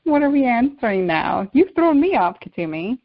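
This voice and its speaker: A woman channeler giving spiritual guidance and pausing to search for words. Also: fairly high pitch, sing-song, phone-quality sound. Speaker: channeler, guest.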